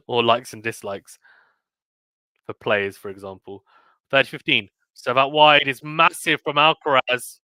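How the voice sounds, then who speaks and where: A British man with a lowish voice hosts a live tennis play-by-play stream, chatting casually and reading viewer comments between points. He calls each point with rising excitement. The recording is dry.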